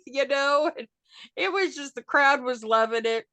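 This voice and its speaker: Her voice is high, moderately paced and a bit bright, recorded without echo. She's an older woman from Arkansas, USA, a wrestling fan character interviewed as a guest, swapping wrestling tales in a chatty, folksy way, laughing frequently and acting out what people said.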